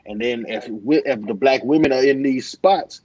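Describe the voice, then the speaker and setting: A man on a podcast panel, talking in a halting, earnest way with many restarts. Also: medium pitch, a little mellow, slightly rough, muffled recording. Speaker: podcast co-host. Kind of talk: casual discussion.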